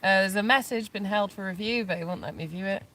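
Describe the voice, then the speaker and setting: A woman's voice: mid-range voice, quick pace, fairly bright tone, recorded from a distance. A woman hosting a casual livestream for an animal sanctuary, reading viewer comments aloud in a matter-of-fact way. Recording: noisy livestream audio. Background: clear background noise.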